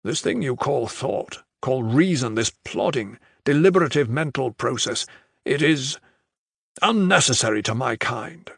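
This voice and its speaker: A man voicing a coldly detached, inhuman general who speaks flatly and without emotion. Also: mid-range voice, gravelly, slightly rough, no echo, studio quality, full character voice. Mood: probing. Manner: flat, detached, unhurried.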